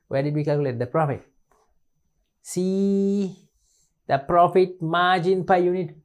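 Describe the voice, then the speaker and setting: Working through an exam paper as a teacher, this man repeats every point several times and raises questions only to answer them himself. His voice sits on the high side with a darkish tone, and the lesson is recorded.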